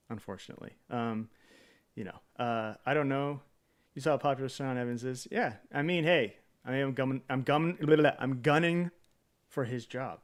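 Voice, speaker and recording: Rambling man chatting on a live stream. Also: mid-range voice. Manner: rambling, hesitant, greets viewers by name; jokey and self-deprecating. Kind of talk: casual live-stream chat.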